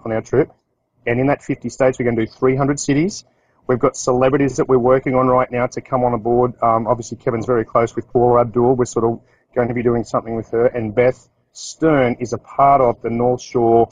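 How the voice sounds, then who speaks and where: A man's voice: medium pitch, no echo, poor audio. Australian man telling rambling business anecdotes. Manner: rambling anecdotes with restarts, acts out quotes. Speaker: business owner. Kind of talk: casual storytelling talk.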